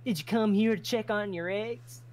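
A woman voicing a brash, house-proud bird-woman farmer with a folksy Southern drawl who scolds quickly. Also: medium pitch, a little mellow, voice pushed up, natural voice. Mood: friendly. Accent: American Southern.

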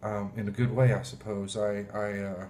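A man pastor giving a heartfelt, halting sermon, often clearing his throat. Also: lowish voice, little pitch movement, mellow, slight background noise. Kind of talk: emotional sermon.

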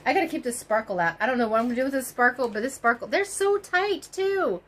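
A woman vlogging an excited unboxing, gushing, gasping and squealing with delight. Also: high-pitched, fast talker, slight background noise. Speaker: crochet vlogger.

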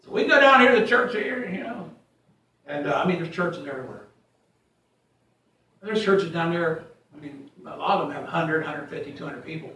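Folksy preacher in an echoey room. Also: male voice, fairly high pitch, expressive, normal speed, pauses often, sharp tone, distant mic, slight background noise. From Ohio. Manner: folksy, rambling, reads scripture aloud emphatically. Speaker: Bible teacher. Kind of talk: informal Bible study teaching.

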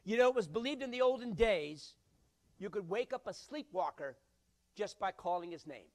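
A man preaching a sermon as pastor. He swings from loud bursts to hushed lines and acts out quoted voices. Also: high-pitched, expressive, normal speed.

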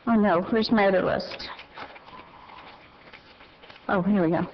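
A woman's voice: mid-range voice, steady tone, a little slow, highs cut off, a little hiss or hum. A woman with a Southern accent, chatty and folksy, laughing as she calls out names at an award presentation. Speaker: council member presenting awards.

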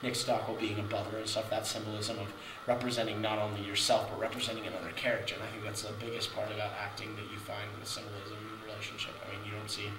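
Teen guy drama student, thinks out loud, sighs a lot, roomy sound. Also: lowish voice, level tone, fast talker, distant mic, heavy background noise. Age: teens. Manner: thoughtful, hesitant, with sighs and restarts. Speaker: high school drama student. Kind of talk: interview.

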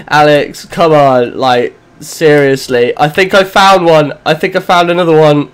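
A man's voice: a little high, fairly even intonation, unhurried, few pauses, clean tone. A young man casually commenting as he plays a horror game with a friend, chatty and swearing often. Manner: chatty, swears often, talks to himself and his teammate. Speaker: gaming channel host. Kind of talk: let's play gaming commentary.

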